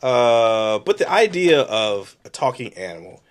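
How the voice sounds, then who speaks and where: A man with a nasal voice co-hosting a podcast, telling a story in an animated, casual way with the odd swear. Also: medium pitch, unhurried. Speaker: podcast co-host. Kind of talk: casual chat.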